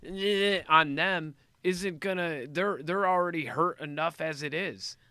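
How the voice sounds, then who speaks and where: A man on a podcast lays out his views in short, emphatic, profane statements. His voice is very bright and edged, and it stays clear and smooth with a dry, close sound. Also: fairly high pitch, measured pace, no room sound. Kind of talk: casual podcast chat.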